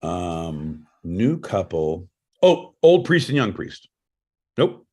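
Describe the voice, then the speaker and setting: This podcast co-host has a low, husky voice and talks at a slow pace. Animated and profane, he curses heavily and ribs his partner in easygoing comedic back-and-forth.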